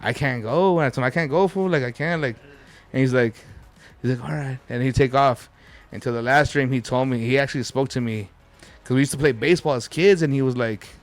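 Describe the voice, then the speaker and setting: Man, podcast guest, casual storytelling, rambling, profane, mixes in Spanish words, middling pitch. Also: a little fast.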